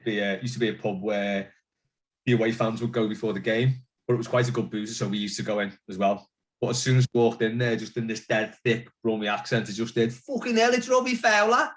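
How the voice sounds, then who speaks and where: A man's voice: on the low side, flat delivery, fast. A man hosting a casual chat podcast, joking and bantering with his co-hosts. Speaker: podcast host.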